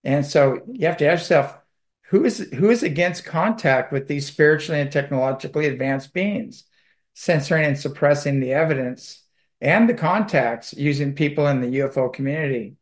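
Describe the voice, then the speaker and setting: A man's voice: on the high side, moderate pace. Rambling, sardonic man in a monologue. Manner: rambling, with many fillers and restarts; sardonic and mocking. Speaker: commentator. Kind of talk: casual monologue.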